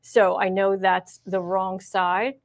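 A woman's voice: mid-range voice, flat delivery, slow pace. A middle-aged woman teaching machine embroidery in a live demonstration, chatty and reassuring, thinking aloud as she works.

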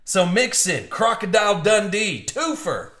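A man's voice: sits high, big pitch swings, measured pace, roomy sound, background noise. A man hosting a live-streamed trading card box break, chatty and upbeat, joking with viewers as he opens packs. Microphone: streaming mic.

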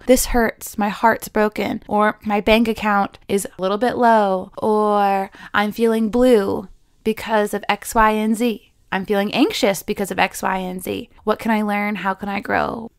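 A woman's voice: mid-range voice, creaky, clear, resonant tone, dry recording, studio quality. A woman yoga teacher hosting a podcast, giving a chatty spoken lesson, laughing often and slipping into playful quoted voices.

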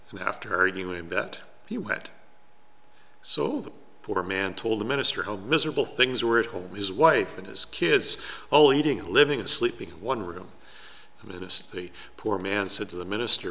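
A man preaching a sermon in a church, telling a story in an earnest, slow and deliberate way. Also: on the low side, animated, sharp tone, long reverb tail. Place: church sanctuary.

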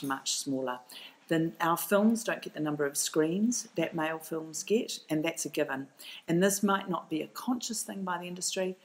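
A woman with a New Zealand accent and a low, steady voice answers interview questions with heat and conviction. She is middle-aged and often restarts her sentences as she presses her point. She speaks about her work as a documentary filmmaker. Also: gravelly, poor audio. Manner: passionate, emphatic, many restarts. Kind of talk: podcast interview.

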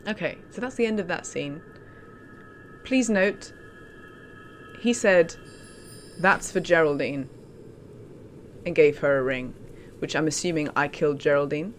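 A woman's voice: low-pitched, moderate pace, long pauses, slight background noise. A woman chatting casually on a live stream as she plays a game, in a self-mocking way.

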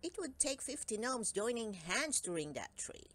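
A woman's voice: a little high, very animated, normal speed, fairly bright tone, pitched above the performer's own voice. A woman reading aloud and voicing a brave but easily startled male gnome who exclaims and moans, with faint music behind.

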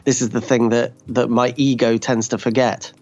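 A man's voice: medium pitch, level tone, moderate pace, a little mellow, highs cut off. A man, a guest trader on a podcast, talking casually in a reflective, self-deprecating way. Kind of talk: casual chat.

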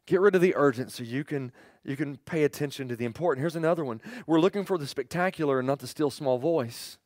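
A middle-aged man preaching a sermon in a somewhat high voice, moving from loud storytelling to hushed lines. He acts out the quoted voices with big pitch jumps. The sound is close and dry, with no room echo. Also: fast talker. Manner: animated storytelling, voices quotes with sudden pitch jumps and drops to a near whisper. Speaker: pastor.

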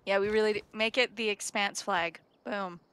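A woman's voice: mid-range voice, steady tone, moderate pace, fairly bright tone, clear, resonant tone. A woman co-hosting a casual game livestream, playful and teasing as she reads chat aloud. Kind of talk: casual gaming stream chat.

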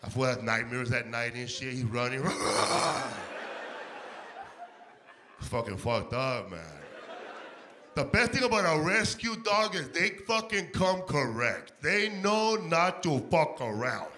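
A man doing a profane stand-up set, loud, swinging his voice up to shouts and acting out barks. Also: medium pitch, expressive, a little slow, slight background noise. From Mexico. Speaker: stand-up comedian. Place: comedy stage before a live audience.

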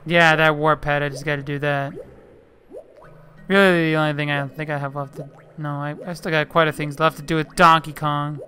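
Bright-voiced man chatting through a game. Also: on the high side, little pitch movement, normal speed, faint music behind. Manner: chatty, talks to the game characters, mild swearing. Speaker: gameplay commentator. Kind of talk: casual let's-play commentary.

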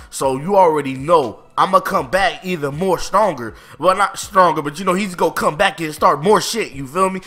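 A young man casually reviewing manga chapters, animated and excitable, full of slang and swearing. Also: high-pitched, brisk, few pauses. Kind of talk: casual chat.

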